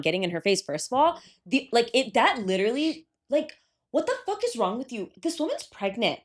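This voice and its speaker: A young woman co-hosting a podcast, chatting at a middle pitch. She talks in an excitable, loose way, swearing freely and breaking into laughs between retold quotes. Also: a little fast. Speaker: podcast co-host. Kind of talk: casual chat.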